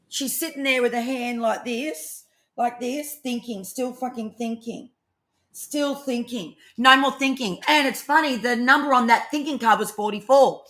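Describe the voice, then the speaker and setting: Fast-talking woman, tarot reader. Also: on the high side, a bit bright. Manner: fast, rambling, swears freely. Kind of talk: live tarot card reading.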